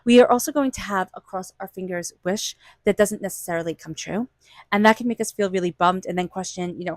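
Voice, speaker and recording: A woman talks through a tarot spread in a warm, gushing way, full of "you know" and "like." Her voice sits in an ordinary middle pitch. It is recorded close in a dry room with no echo. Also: brisk. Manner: gushing, lots of "you know" and "like", slips into playful voices for quotes. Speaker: tarot reader. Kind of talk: intuitive tarot reading vlog.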